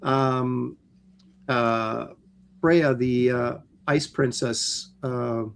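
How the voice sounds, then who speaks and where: A man's voice: mid-range voice, steady tone, very slow, gravelly, slight background noise. A man co-hosting a casual livestream chat, reading out viewer comments with many ums and mock-stern banter.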